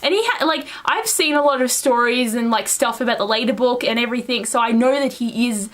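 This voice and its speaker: A young woman reviewing a book in a casual, gushing and rambling way, full of fillers and excited outbursts. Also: a little high, fairly quick. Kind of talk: casual chat.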